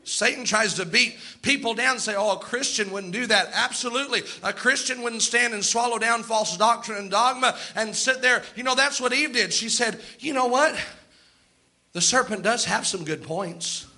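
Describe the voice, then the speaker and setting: A man preaching a sermon in an emphatic style, slowing down to stress key lines and acting out quoted voices. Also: extremely high pitch, pushed and bright.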